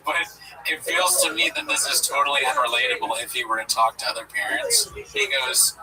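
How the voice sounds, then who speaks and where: A man's voice: medium pitch, wildly swooping pitch, a little fast, recorded from a distance, over a noisy crowd, rough recording. A man in casual comedic chat, rambling, laughing and swearing. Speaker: podcast co-host.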